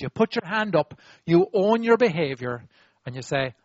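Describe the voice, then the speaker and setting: A man with a high voice delivers a sermon with animated, demonstrative energy, acting out apologies and drawing his audience in. He speaks at a moderate pace, and the recording is dry and a little dull, with no room sound.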